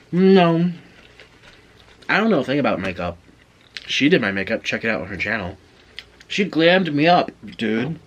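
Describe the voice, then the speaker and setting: A man's voice: mid-range voice, very animated, measured pace, pauses often, muffled recording. A man vlogging, telling a chatty story in a casual way between bites of food. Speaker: mukbang vlogger. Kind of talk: casual storytelling while eating.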